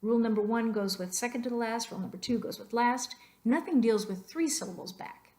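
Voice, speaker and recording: A woman with a slightly high, warm voice teaches a narrated Spanish slideshow lesson at a brisk clip. She explains patiently, saying example words out loud to model their stress patterns.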